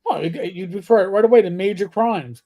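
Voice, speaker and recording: A man's voice: high voice, brisk, narrow, tinny audio. A man and former police officer co-hosting a casual livestream discussion, joking and skeptical.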